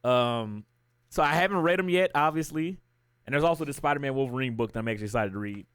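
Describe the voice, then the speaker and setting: A fast-talking man with a mid-range, clean voice and no echo is livestreaming and chatting casually. Retelling a story, he launches into an animated, profanity-laden rant.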